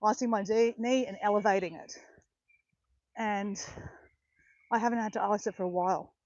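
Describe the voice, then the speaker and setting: A woman's voice: mid-range voice, fairly even intonation, moderate pace, darkish tone, no room sound, highs cut off. A woman of around fifty chatting casually while walking outdoors, rambling and correcting herself as she goes. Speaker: vlogger. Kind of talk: casual walking vlog chat. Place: outdoors in botanical gardens, walking.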